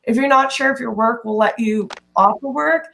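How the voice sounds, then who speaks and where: A woman talking casually on a podcast, chatty and quick to laugh. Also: a little high, vocal fry, fairly bright tone. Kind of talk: casual chat.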